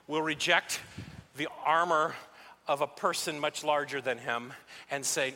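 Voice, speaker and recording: A male pastor preaching a sermon, telling the story in an animated way and acting out scenes. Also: fairly high pitch, measured pace, long pauses, a little hiss or hum. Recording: echoey hall.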